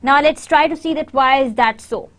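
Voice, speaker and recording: Woman lecturer, Pakistani English accent, high voice, patient and explanatory, lots of "uh" fillers. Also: moderate pace, fairly bright tone. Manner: explanatory, many fillers and restarts. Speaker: university lecturer. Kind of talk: recorded online lecture.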